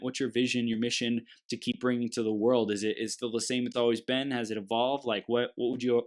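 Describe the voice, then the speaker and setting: Enthusiastic male host asking rambling questions. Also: mid-range voice. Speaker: podcast host. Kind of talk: casual interview.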